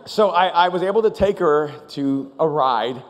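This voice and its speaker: Male pastor, high voice, storytelling sermon, long hall reverb. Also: normal speed. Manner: storytelling with animated asides. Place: large church auditorium.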